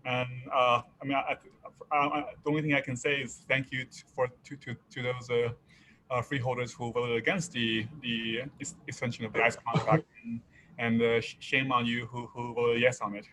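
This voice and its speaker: A man giving a public comment at a meeting, halting and full of fillers and restarts. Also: mid-range voice, level tone, bright, forceful tone, slight background noise, poor audio.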